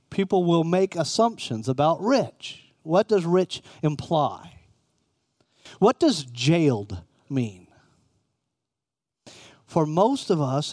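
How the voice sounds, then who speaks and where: A man's voice: on the high side, a little mellow, dry recording, clean studio sound. A middle-aged man preaching a conversational sermon, often putting questions to his listeners. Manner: conversational, asks the room questions.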